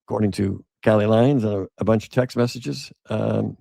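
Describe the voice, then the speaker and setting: A man's voice: fairly low pitch, normal speed, gravelly, mellow, dry recording, clean studio sound. A male podcast host giving casual commentary, reading an article aloud with sarcastic, rambling asides.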